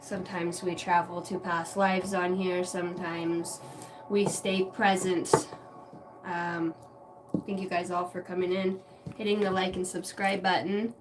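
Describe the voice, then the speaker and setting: A woman offers a casual tarot reading on a livestream, her fairly low voice flat and unhurried. She meanders reflectively and swears casually now and then. The mic is distant, picking up faint background noise.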